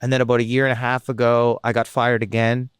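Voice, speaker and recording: A man's voice: medium pitch, monotone, clean tone, no room sound, studio quality. A man from Canada, a comedian and former radio host, telling stories in a casual, rambling, self-mocking way. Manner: chatty, rambling, self-mocking, quick restarts. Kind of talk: casual interview storytelling.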